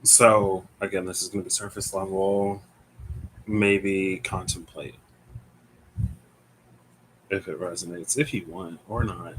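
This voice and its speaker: A man's voice: sits low, fairly even intonation, takes it slowly, pauses often, fairly bright tone, slight background noise, rough recording. A young man from the American Midwest doing a casual tarot reading, thinking aloud in a meandering, hesitant way and often searching for words. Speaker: tarot reader.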